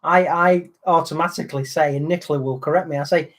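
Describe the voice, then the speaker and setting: A man, co-hosting a relaxed livestream chat and telling anecdotes, acting out other people's lines. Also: on the high side, fast. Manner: chatty storyteller, acts out other people's lines. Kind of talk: casual chat.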